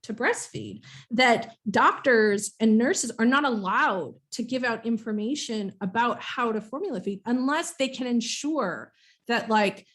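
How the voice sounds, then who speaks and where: A woman's voice: a little high, a little slow, fairly bright tone. A middle-aged woman professor talking candidly as an interview guest, swearing freely and peppering her speech with "like". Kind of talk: casual interview talk.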